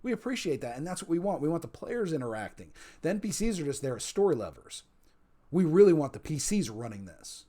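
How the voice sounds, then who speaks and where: A man's voice: on the high side, big pitch swings, brisk, warm tone. Rambling male streamer who repeats himself. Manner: rambling, repeats points for emphasis, reads chat messages aloud. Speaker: streamer and storyteller of a role-play server. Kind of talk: casual livestream chat.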